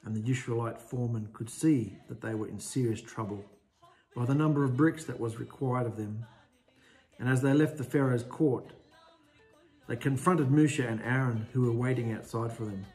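A man's voice: mid-range voice, fairly even intonation, normal speed, dark tone, soft background music. A man narrating a dramatized scripture retelling, with casual asides to listeners. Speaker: storyteller.

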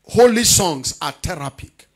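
A middle-aged man, preaching a charismatic sermon loudly and often shouting. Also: sits high, lively intonation, moderate pace. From Nigeria. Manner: loud preaching with frequent shouting. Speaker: pastor.

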